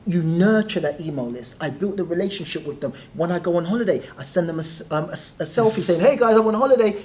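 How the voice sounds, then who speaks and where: A guest telling stories in a casual interview, animated and quick to laugh. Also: mid-range voice, slight background noise. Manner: animated, laughing, acts out quoted voices. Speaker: guest, property deal trainer.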